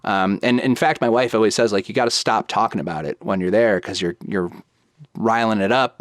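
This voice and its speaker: A man's voice: lowish voice, no echo, studio quality. A man in his thirties telling a personal ghost story in a casual way, acting out the quoted dialogue and using lots of "like". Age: 30s. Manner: lively retelling that acts out quoted dialogue, with many "like"s. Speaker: guest storyteller.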